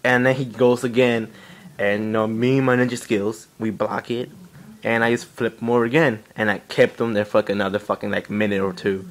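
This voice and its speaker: A man's voice: fairly low pitch, little pitch movement, fairly quick. Rambling young guy telling a story. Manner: rambling, lots of fillers and swearing. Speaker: vlogger. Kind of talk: casual storytelling.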